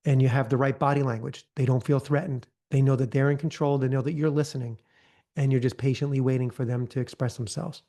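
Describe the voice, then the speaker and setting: A man leading a live training session, talking casually and often checking in with "right?", acting out gentle counselor prompts in a softer voice. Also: medium pitch, fairly even intonation, fast talker. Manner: conversational, often tags lines with "right?". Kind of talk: live online training talk.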